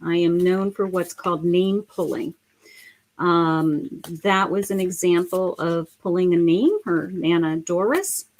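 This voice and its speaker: Gentle, emotional woman, low voice. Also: a little slow. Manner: gentle, emotional, full of fillers. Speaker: psychic medium. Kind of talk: live-streamed psychic reading.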